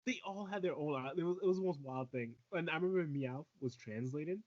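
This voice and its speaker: A man's voice: fairly high pitch, fast talker. Guy on a podcast, teasing and swearing casually, muffled lo-fi sound. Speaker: podcast co-host. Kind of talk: casual chat.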